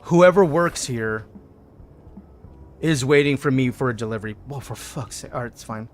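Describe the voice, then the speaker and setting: A man's voice: mid-range voice, moderate pace, faint music behind. A man streaming a video game, chatting casually with his viewers, joking, humming to himself and reading out chat messages. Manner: chatty and joking, greets chat, hums and yells when excited. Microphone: desk microphone.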